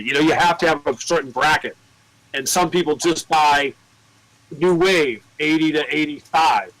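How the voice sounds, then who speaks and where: A man working in a record store, telling cursing, animated stories in casual chat. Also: on the high side, normal speed, low-quality recording. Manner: profane, animated storyteller.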